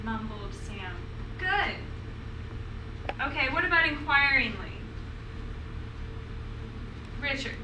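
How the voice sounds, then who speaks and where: A woman with a high voice teaches a writing class. She explains each rule step by step and keeps stopping to check that her students follow. Her delivery is animated and encouraging. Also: slow, long pauses, noisy background. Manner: animated, checks understanding often.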